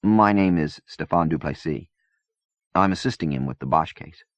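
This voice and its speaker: A man voicing a nerdy young man who talks briskly and insistently, sounding self-important. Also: rumbling low, dry recording. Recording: dull dry cassette-era recording.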